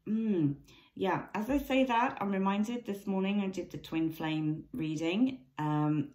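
A woman giving a casual tarot card reading, musing and thinking aloud with many pauses and ums. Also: low-pitched, darkish tone, reverberant, low-quality recording. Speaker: tarot reader.

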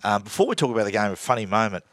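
Animated Australian man telling footy stories. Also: lowish voice, rapid-fire, no echo, studio quality. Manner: animated storyteller, acts out quotes. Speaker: podcast host. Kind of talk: casual sports chat. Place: studio.

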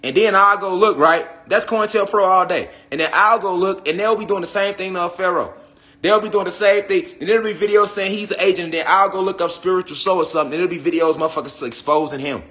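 A man's voice: high voice, fast talker, bright, forceful tone. A young man delivering a heated, profane monologue rant to his online followers, repeating himself and firing off tag questions. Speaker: online spiritual commentator.

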